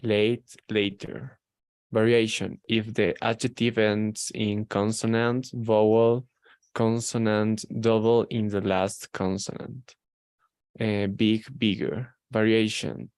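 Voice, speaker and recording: A student reads grammar rules aloud very slowly, stopping often on fillers. The voice is smooth and clear, with a dry, close sound. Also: medium pitch, a little mellow, dry recording. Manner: slow, hesitant reading with many fillers. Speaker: English student. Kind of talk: reading aloud in class.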